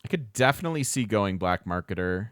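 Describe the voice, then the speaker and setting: A man's voice: fairly low pitch, animated, a little fast, fairly bright tone, clear, resonant tone, no echo. A man casually commenting on a strategy game while he plays, laughing often and chatting with his viewers. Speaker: let's play host.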